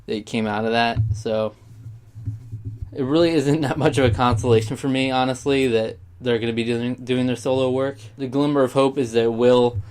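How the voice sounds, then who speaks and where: A man's voice: mid-range voice, steady tone, normal speed, a little mellow, smooth. Rambling young man vlogging. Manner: rambling, sidetracked, heartfelt. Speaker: YouTuber. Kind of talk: casual vlog monologue.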